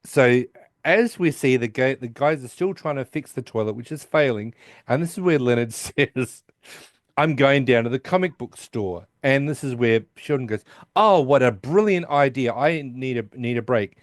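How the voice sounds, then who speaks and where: A man in casual podcast chat, retelling a sitcom episode in a rambling way and quoting each character's lines with lots of restarts. His voice sits at an ordinary pitch and sounds dry and close, with no room around it. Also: expressive, normal speed, no echo. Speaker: podcast co-host recapping an episode.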